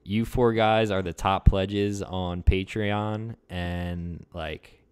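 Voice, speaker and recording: Low, smooth-voiced young man podcasting. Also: steady tone, slow pace. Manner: laid-back, joking, trails off quietly. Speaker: podcast co-host. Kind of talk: casual podcast chat.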